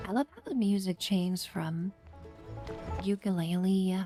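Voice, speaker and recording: A woman's voice: medium pitch, unhurried, long pauses. A woman streaming a game live, giving sarcastic, playful commentary with whispered asides. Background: game music.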